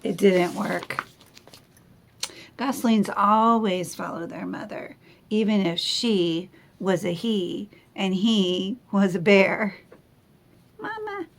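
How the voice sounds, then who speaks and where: Teacher lady reading a storybook to kids, asks them questions, takes it slow. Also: mid-range voice, steady tone, vocal fry. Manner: gentle, asks the children questions. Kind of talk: picture book read-aloud.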